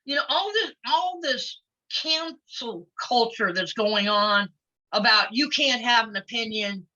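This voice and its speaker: A woman, a former wrestler, chatting openly in an interview, outspoken and quick to laugh. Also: fairly high pitch, lively intonation, bright, forceful tone. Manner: outspoken and blunt, laughs easily. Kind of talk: casual interview chat. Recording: lo-fi audio.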